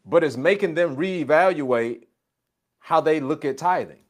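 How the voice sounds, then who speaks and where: A man's voice: a little high, expressive, measured pace. A man coaching a colleague in a casual conversation, emphatic and repeating his catchphrases. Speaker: business coach.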